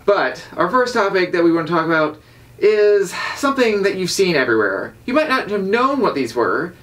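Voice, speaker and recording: A man's voice: high-pitched, very animated, normal speed, fairly bright tone, recorded from a distance. A man co-hosting a podcast, wry and dry in his casual banter. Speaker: podcast co-host.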